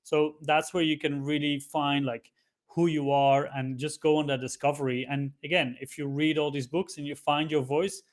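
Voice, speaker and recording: A man with a fairly high voice speaks as a guest in a casual podcast chat. He sounds reflective and earnest, and keeps tagging his points with a quick "right?". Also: flat delivery.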